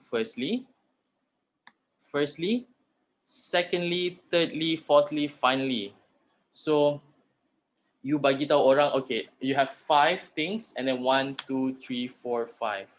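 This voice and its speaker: A young male lecturer with a Malaysian English accent, talking through an online class at a computer mic. His voice sits at an ordinary middle pitch, and he slips between English and Malay while he walks his students through examples. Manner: mixes English and Malay, explains with spoken examples.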